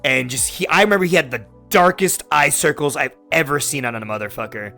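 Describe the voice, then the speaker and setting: A man's voice: fairly high pitch, brisk, creaky, bright, forceful tone, soft background music. A man in his twenties from Florida hosting a podcast, telling a long, rambling story full of swearing and fillers. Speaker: podcast host. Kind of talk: casual chat.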